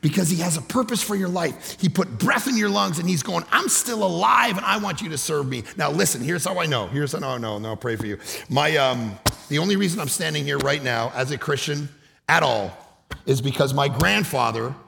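A man from Canada preaching a sermon, moving between hushed storytelling and loud shouting, with a gravelly voice. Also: fairly high pitch, lively intonation, brisk. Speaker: pastor. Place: church auditorium. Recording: long reverb of a large hall.

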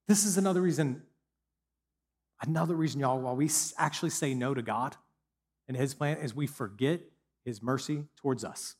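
A man's voice: mid-range voice, moderate pace, long pauses, long reverb tail. A male pastor, preaching a conversational sermon that builds to emphatic peaks.

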